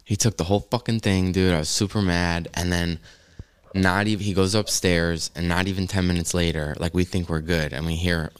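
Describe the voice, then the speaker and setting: Rambling young man with a smooth low voice. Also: fairly even intonation, a little fast. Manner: rambling, swears a lot, acts out quotes in high voices. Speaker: podcast guest. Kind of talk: casual storytelling chat.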